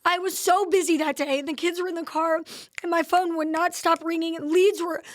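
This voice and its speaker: High-pitched woman on a podcast, chatty storytelling, does little voices for the quotes. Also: brisk. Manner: animated, acts out quoted dialogue. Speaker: host sharing her company's founding story. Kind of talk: casual storytelling interview.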